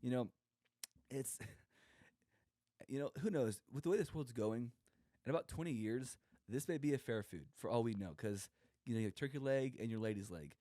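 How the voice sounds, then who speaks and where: A man's voice: mid-range voice, expressive, moderate pace, mellow, no echo, studio quality. A young man talking casually on a podcast, rambling and joking as he acts out quoted voices. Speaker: podcast co-host. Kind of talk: casual comedic monologue.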